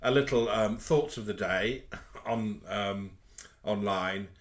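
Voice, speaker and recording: A man's voice: on the low side, takes it slowly. A man co-hosting a live chat show, gossipy and theatrical in casual talk.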